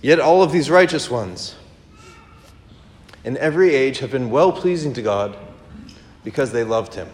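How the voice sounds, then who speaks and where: A man preaching a sermon. He reads a passage as a rhythmic string of rhetorical questions, then comments on it more quietly. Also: mid-range voice, expressive, normal speed, pauses often, long reverb tail.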